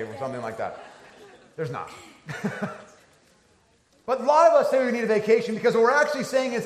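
Animated man preaching in echoey room. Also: high voice, fast talker, a little hiss or hum. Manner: storytelling, animated, conversational. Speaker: pastor. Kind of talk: sermon.

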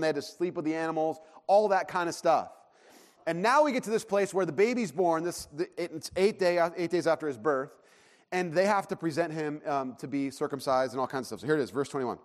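A man in his thirties, a pastor, preaching a sermon and telling a lively family story, acting out his child's shouts. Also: on the high side, brisk. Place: church sanctuary. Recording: long hall reverb.

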